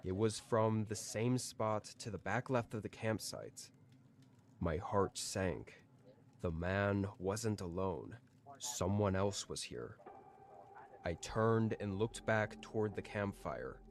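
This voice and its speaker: A man calmly reading out a scripted first-person horror story. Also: on the low side, takes it slowly, gravelly, a little hiss or hum.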